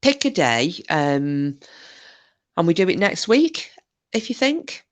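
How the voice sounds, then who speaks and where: A woman's voice: lowish voice, big pitch swings, takes it slowly. A Scottish woman hosting a casual livestream, reading viewers' comments aloud and chatting back in a teasing, chatty way with mild swearing. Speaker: livestream host.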